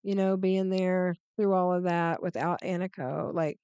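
Woman podcast co-host, frank and agreeable; lowish voice, dry close recording. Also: fairly even intonation, measured pace, mellow, clean tone, dry recording, dull audio. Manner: agreeable, frank, many "mm-hmm"s. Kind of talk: casual chat recapping reality TV.

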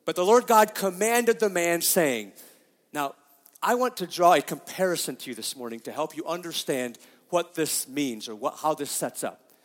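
A man's voice: on the high side, expressive, moderate pace, long reverb tail. A middle-aged man preaching a sermon as pastor, emphatic and often asking his congregation questions.

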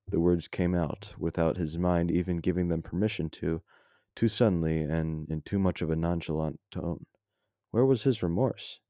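A man's voice: deep voice, normal speed, dark tone, no echo. A young man reading a story aloud casually, with wry asides and self-corrections. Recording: dull lo-fi dry home mic.

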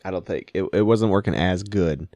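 In a warm, deep voice at normal speed, a man chats through an amusing tale, breaking into laughter and voicing other people's lines. The recording is muffled but has no room sound.

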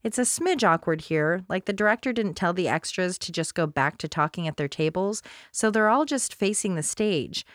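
A woman's voice: fairly low pitch, lively intonation, normal speed, hardly any pauses, no echo. Woman host, wry commentary, dry close-miked sound. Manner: wry, conversational, laughs often. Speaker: podcast host. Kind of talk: scripted commentary, then casual chat.

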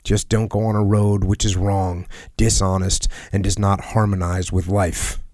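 A man reading a personal letter aloud in a solemn, earnest and measured way, sometimes dropping to a hush. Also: sits low, flat delivery, no room sound, studio quality. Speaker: reader of a letter.

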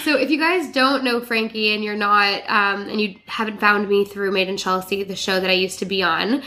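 A woman hosting a casual podcast chat, her voice stuffed up from a cold, chatty and quick with laughs and fillers. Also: medium pitch, steady tone, bright, forceful tone. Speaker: podcast host.

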